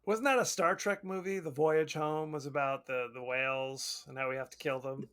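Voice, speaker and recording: A man's voice: a little high, fairly even intonation, moderate pace, fairly bright tone, clean tone. A man co-hosting a podcast, recapping a horror movie in a rambling, profane, laughing way. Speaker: podcast co-host. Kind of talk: casual movie recap chat.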